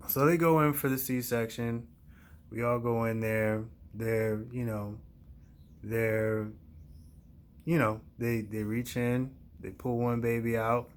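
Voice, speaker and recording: A young man talks straight to his viewers in casual, slangy storytelling. He rambles along with plenty of fillers and restarts, and his voice sits at a middle pitch. A faint hum of ambient noise lies behind him. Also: steady tone, takes it slowly. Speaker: vlogger.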